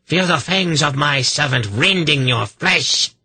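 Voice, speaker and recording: Shrieking fanatic priestess, high and strained, put on by a male narrator. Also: expressive, a little slow, pushed and bright, husky, heavily acted. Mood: furious commanding. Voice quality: shrill and screaming. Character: cruel scarred woman priestess, shrieking and vengeful. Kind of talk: audiobook character voice.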